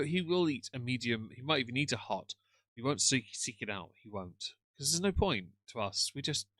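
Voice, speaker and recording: Dry-humoured man, bright and close. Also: mid-range voice, no room sound. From England. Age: middle-aged. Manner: dry, teasing, sardonic. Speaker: live streamer. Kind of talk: casual stream chat, reading comments.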